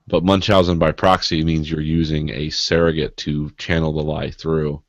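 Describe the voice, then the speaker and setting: Very deep-voiced deadpan podcast host. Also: male voice, normal speed, no echo, highs cut off. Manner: deadpan, self-mocking, laughs at his own jokes. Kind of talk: casual podcast banter.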